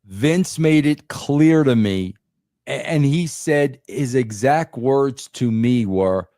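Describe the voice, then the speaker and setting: A man's voice: mid-range voice, animated, slow pace, dark tone, no room sound, studio quality. An older man in casual podcast chat, talking emphatically and saying "bro" often with many restarts. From New York. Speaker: podcast guest, former wrestling writer.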